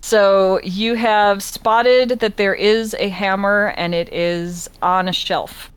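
A woman narrating a tabletop game as dungeon master, relaxed and laughing often. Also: medium pitch, slow, clear, resonant tone.

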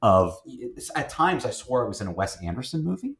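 A man's voice: mid-range voice, very animated, brisk, fairly bright tone. A man hosting a casual film review chat, talking in a rambling way with lots of fillers and restarts.

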